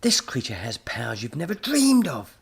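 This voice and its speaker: A man voicing an excitable, scheming male mad professor who snaps at his helper. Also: mid-range voice, normal speed, slightly rough, pitched above the performer's own voice. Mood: overexcited. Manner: snappish, overexcited.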